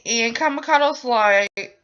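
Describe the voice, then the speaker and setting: Young woman rambling thru a show recap, lots of um and like, bright voice, kinda dull lo-fi sound. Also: fairly high pitch, takes it slowly. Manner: rambling, full of ums and likes. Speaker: drama recap vlogger. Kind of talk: casual spoken recap. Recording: dull lo-fi recording.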